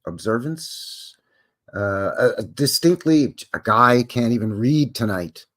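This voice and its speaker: A man's voice: medium pitch, expressive, moderate pace, a bit bright. A Canadian man hosting a live stream, casually chatting and reading aloud with rambling, jokey asides.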